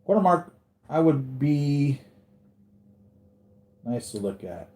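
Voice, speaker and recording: A man's voice: fairly high pitch, sing-song, slow pace, a little mellow. A man hosting a casual live stream about collectible figures, rambling and thinking aloud as he answers viewer comments. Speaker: collectibles channel host.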